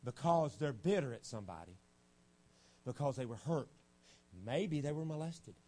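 A man preaching a revival sermon in a church, folksy and animated, acting out little stories as he goes. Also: a little high, normal speed. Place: church sanctuary.

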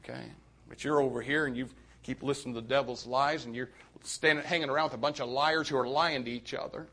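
A man preaching a youth sermon, moving from quiet confiding to sudden shouted emphasis. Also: mid-range voice, steady tone, fast.

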